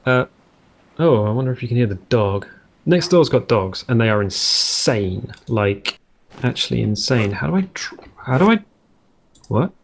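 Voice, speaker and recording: Brief: male game host, medium pitch, loose rambling let's-play commentary, keeps breaking off his own sentences, recorded at home. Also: expressive, normal speed, vocal fry, husky. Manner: rambling, self-interrupting, jokey tangents. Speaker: gaming video host.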